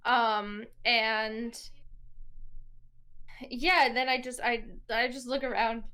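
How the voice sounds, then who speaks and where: Bright-voiced woman playing a tabletop game. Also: fairly high pitch, steady tone, takes it slowly, clear, resonant tone. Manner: hesitant, full of fillers and restarts. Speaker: player. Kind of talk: first-person tabletop role-play.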